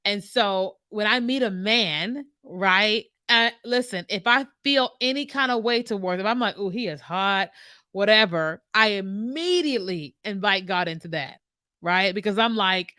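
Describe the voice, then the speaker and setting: Brief: woman host, bright tense voice, animated storyteller doing both sides of dialogue, dry close mic. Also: mid-range voice, a little slow, no echo. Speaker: host answering viewer comments. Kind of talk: casual faith talk, live stream.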